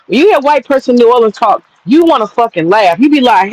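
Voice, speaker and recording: A woman's voice: a little high, fast, low-quality recording. A woman streamer tells a story to her viewers in loose, casual talk. She curses freely and drifts into side remarks. She keeps her hands busy with a task as she talks. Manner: profane, rambling, lively storyteller; works with her hands while talking.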